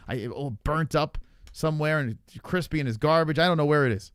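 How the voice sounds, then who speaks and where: A man's voice: fairly high pitch, fast, a bit bright, clean tone, dry recording. Profane ranting male streamer, dry sound. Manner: profane, ranting, reacts to chat. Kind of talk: livestream fight talk.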